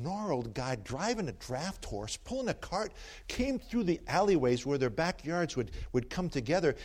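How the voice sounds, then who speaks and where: Older man preaching with jokes. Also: sits high. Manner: animated, joking storyteller. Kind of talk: sermon.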